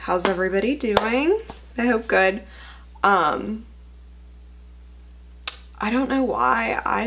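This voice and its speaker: Tearful, halting woman vlogging. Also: medium pitch, a bit bright. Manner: halting, shaky, many restarts and fillers. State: on the verge of tears. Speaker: beauty vlogger. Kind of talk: tearful unscripted vlog.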